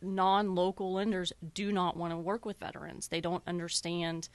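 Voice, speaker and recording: A woman's voice: fairly low pitch, steady tone, normal speed. A woman, a mortgage professional guest, speaking earnestly in casual chat. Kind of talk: casual talk show chat.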